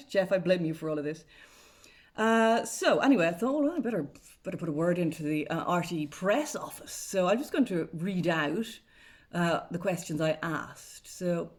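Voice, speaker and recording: An Irish woman journalist talks casually to camera in a dry, sarcastic way. Her voice sits a little low for a woman, and her delivery stays chatty and knowing. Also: animated, normal speed. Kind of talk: casual vlog commentary.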